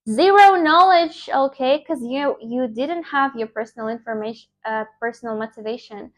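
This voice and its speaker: A young woman, a native Russian speaker, giving an informal motivational English lecture in an emphatic, animated way with fillers and restarts. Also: high voice, moderate pace. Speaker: English teacher.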